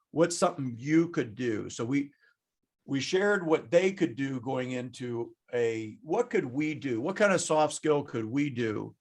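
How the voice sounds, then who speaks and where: A man presenting a conference session over a video call, joking and chatting with the audience as he goes. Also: a little high. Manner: jokey, animated, chatty with the audience. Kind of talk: lively webinar presentation.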